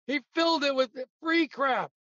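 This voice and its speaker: Guest storyteller, male, high voice, dry dull lo-fi sound, chuckles through tales. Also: normal speed, no echo. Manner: animated anecdotes, laughs often. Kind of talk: casual storytelling interview.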